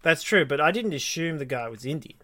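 Bright-voiced rambling podcast co-host man. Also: a little high, animated, a little fast, no room sound. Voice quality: bright, rambling with many restarts. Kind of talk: casual chat.

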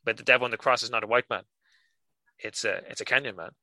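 A man co-hosting a podcast, rambling through his thoughts with plenty of "like" and restarts. His voice is very sharp and tense, recorded dry and close with no room sound. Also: medium pitch, quick pace, dry recording, poor audio. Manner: rambling, hesitant, lots of "like". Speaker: podcast co-host. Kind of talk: casual chat.

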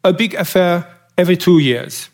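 Man voicing a smug young womanizer, slow drawl, self-satisfied, storybook dialogue. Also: high voice, pitched above the performer's own voice. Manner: lazy drawl.

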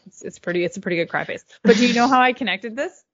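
Deadpan young woman podcast co-host. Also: a little high, racing, dull audio. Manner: deadpan, giggly, gross-out humor. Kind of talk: casual chat.

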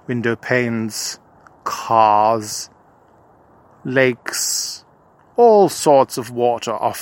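A man's voice: mid-range voice, fairly bright tone. A man telling a comic adventure story in the first person, in a pompous, self-satisfied manner.

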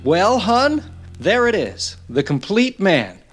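A man's voice: high-pitched, sing-song, slow, faint music behind. A man hosting a comic audio lecture series in a mock-pompous, old-fashioned lecturing manner. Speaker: host.

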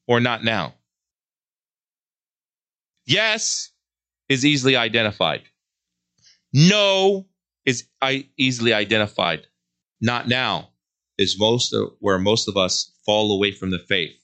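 Earnest man preaching with bright emphasis. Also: fairly low pitch. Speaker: host. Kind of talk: religious commentary monologue.

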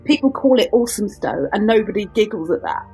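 Laughing woman, slightly husky. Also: mid-range voice, lively intonation, fast, soft background music, low-quality recording. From London. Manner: warm-hearted, laughs often. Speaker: podcast panelist. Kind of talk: casual panel chat.

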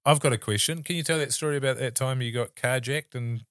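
A man's voice: mid-range voice, quick pace, fairly bright tone, dry recording, clean studio sound. A man with a New Zealand accent co-hosting a podcast, chatting casually in a rambling, self-deprecating way. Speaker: podcast co-host. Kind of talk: casual chat.

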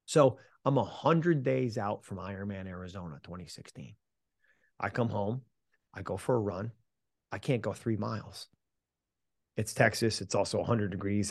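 A man's voice: fairly low pitch, moderate pace, dry recording. Emphatic man telling a story, dry sound. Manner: emphatic, punchy, casual swearing, calls listener "man". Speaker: mental performance coach, podcast guest. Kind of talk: animated storytelling in an interview.

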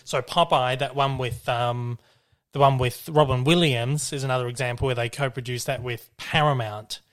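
A man's voice: mid-range voice, fairly even intonation, normal speed, a bit bright. Chatty man rambling about films. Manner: rambling, with frequent restarts and swearing. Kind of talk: casual chat about films.

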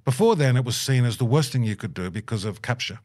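Animated man telling stories. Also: mid-range voice, quick pace. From Australia. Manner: animated, puts on voices when quoting people. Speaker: guest. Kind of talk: storytelling interview.

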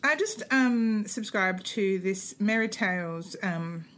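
A woman's voice: mid-range voice, expressive, takes it slowly, fairly bright tone, slight background noise. Chatty woman co-host. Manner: chatty, laughs often, lists details enthusiastically. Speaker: podcast co-host. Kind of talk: casual chat.

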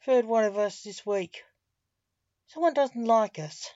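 A woman's voice: on the high side, measured pace, mellow, dry recording, highs cut off, lightly acted. Dante, a morgue assistant read by a woman. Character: male magician assistant at a morgue.

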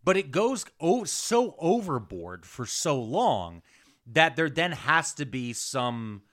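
This man's voice is fairly high and fairly bright, sing-song and slow. As a podcast co-host, he chats casually about history, cursing freely and putting on mocking voices when quoting people.

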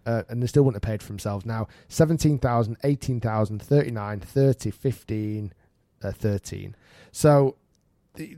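A man in his thirties, a golf coach hosting a podcast, telling stories in an animated, self-mocking way with frequent laughs. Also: mid-range voice, no room sound, studio quality. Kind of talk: casual storytelling chat.

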